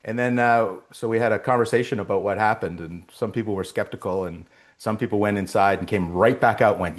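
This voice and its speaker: Man, lowish voice, animated storyteller, acts out voices, casual interview guest. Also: brisk. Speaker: actor guest.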